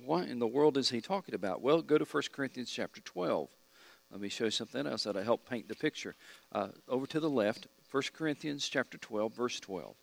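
A man's voice: mid-range voice, animated, brisk, vocal fry. A middle-aged man teaching an evening Bible study class, asking the group questions and repeating key points.

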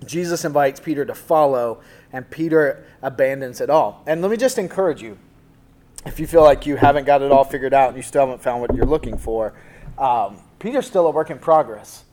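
A man's voice: medium pitch, brisk, darkish tone, slight background noise. A man preaching a sermon in a conversational, storytelling way, acting out quotes from the stories he tells. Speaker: pastor.

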